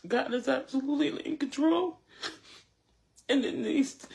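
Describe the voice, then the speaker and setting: A grieving mother speaks in a slow, heavy, tearful way, drained and exhausted. Her voice is gravelly and creaky, and she stops and repeats phrases as she thanks people. Her words come out halting and pleading. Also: sits high, a little mellow. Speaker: mother of a shooting victim. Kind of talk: emotional public statement.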